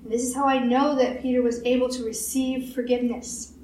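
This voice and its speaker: Higher-voiced woman preaching in an echoey room. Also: level tone, a little fast, a little mellow. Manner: repetitive emphatic preaching, acts out quoted voices. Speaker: pastor. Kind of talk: sermon. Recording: roomy echo, distant mic, faint hiss.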